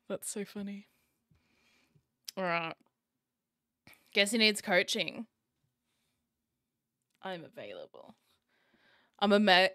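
A woman with a lowish, bright, forceful voice hosts her live stream, chatting casually and speaking directly to her viewers. She giggles a lot and is very chatty. The recording is clean studio audio with no echo.

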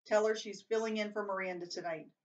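A woman's voice: mid-range voice, fairly even intonation, fast talker, distant mic, dull audio, lightly acted. A stern, short-tempered male drama teacher, put on by a woman reading a storybook aloud, snapping curt, exasperated orders. The voice sits a bit back from the microphone. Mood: bossy, angry.

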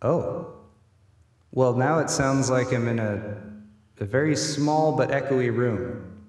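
A man's voice: medium pitch, slow, a little mellow. A man hosting a tech video, talking casually and joking at his own expense while testing gear. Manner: joking, self-deprecating, chatty.

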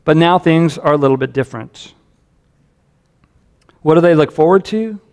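A man's voice: a little high, normal speed, a little mellow. A man preaching a sermon as a pastor, earnest and caring, his voice rising when he reads scripture aloud.

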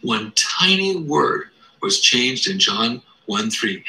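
A man's voice: medium pitch, very animated, slow pace, hardly any pauses, sharp tone, echoey room, poor audio. A man giving scripted video narration, explaining step by step with rhetorical questions.

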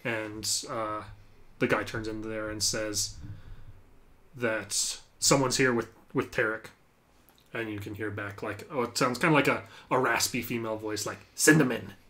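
A man's voice: lowish voice, fairly even intonation, unhurried, pushed and bright. A man narrating a tabletop role-playing game as game master, talking casually with lots of fillers.

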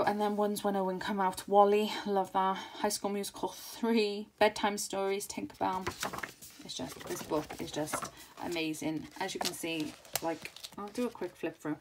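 A woman in her thirties chatting casually and enthusiastically through a craft haul, rambling with plenty of fillers. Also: fairly low pitch. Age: 30s. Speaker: crafting channel host. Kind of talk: casual haul video chat. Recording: noisy home recording.

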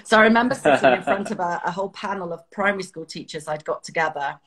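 Middle-aged English woman, children's author, interview guest. Husky, lively storyteller. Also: lowish voice, fast talker. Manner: animated storytelling, laughs often. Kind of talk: casual interview chat.

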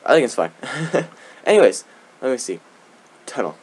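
A man's voice: mid-range voice, sing-song, moderate pace, darkish tone, husky. A young man giving casual, rambling gameplay commentary, giggling often and tossing in sarcastic asides. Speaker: let's play gamer.

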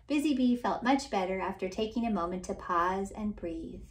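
A woman, a children's author and librarian, reading a storybook aloud in a warm, expressive storytelling voice. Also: medium pitch, normal speed, few pauses.

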